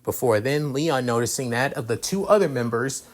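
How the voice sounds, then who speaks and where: A man's voice: medium pitch, animated, normal speed. A man narrating a fan story in a rambling, filler-heavy way, with casual cursing.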